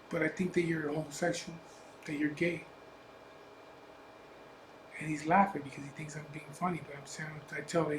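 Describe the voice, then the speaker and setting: A man's voice: a little high, flat delivery, normal speed, long pauses. A man telling a personal story in a blunt, profane, emphatic way, casual storytelling style as a biker vlogger. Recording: echoey room with faint ambient noise.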